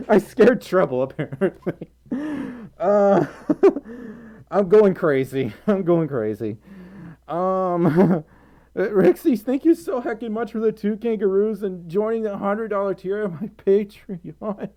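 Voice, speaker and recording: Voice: mid-range voice, big pitch swings, takes it slowly, highs cut off. A live streamer chatting casually and reading out donations, giggling, rambling and running themselves down. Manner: giggly, rambling, flustered, self-deprecating.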